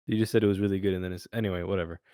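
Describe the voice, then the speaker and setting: A man's voice: low-pitched, steady tone, racing, mellow, no room sound, studio quality. A tired young man co-hosting a podcast in laid-back, teasing casual chat. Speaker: podcast co-host.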